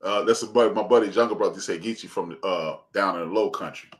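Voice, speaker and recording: A man from Chicago hosting a live stream interview, energetic and joking with loud laughs. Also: low voice, fast, slight background noise. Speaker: host. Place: live stream video call.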